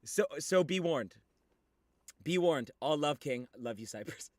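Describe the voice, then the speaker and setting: A young man livestreaming, chatting casually with viewers in an excitable, teasing way with sudden shouts. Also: on the high side, measured pace, no room sound, studio quality.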